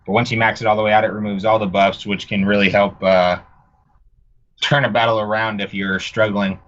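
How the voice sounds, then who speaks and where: A man's voice: fairly low pitch, level tone, brisk, a bit bright, muffled recording. A man giving game advice in a casual live Q&A, loose and hesitant, correcting himself as he goes. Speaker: panelist.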